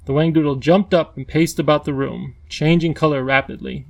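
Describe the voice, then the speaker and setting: A man narrating an audiobook in a measured storytelling manner. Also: fairly high pitch, fairly even intonation, creaky, dry recording, clean studio sound. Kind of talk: scripted narration.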